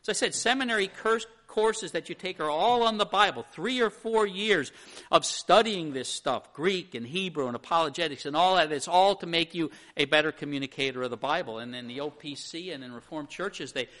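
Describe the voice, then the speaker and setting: A man's voice: fairly high pitch, a little fast, a bit bright, low-quality recording. A male pastor with a Pennsylvania Dutch accent, teaching a Sunday school class in a conversational, rambling way full of anecdotes.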